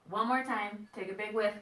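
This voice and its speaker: A woman leads a children's yoga class, playful and encouraging as she guides poses and breathing. Her voice is medium-pitched and fairly bright, picked up by a distant mic in an echoey room.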